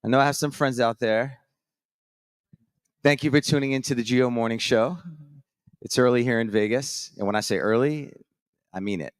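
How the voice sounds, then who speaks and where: An energetic man hosts a live stage contest, calling contestants up and beatboxing beats for them. His voice sits at a middling pitch. The sound is dry and close. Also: normal speed, pauses often, clear, resonant tone, no room sound. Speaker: morning show host. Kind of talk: live event hosting. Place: conference stage with audience.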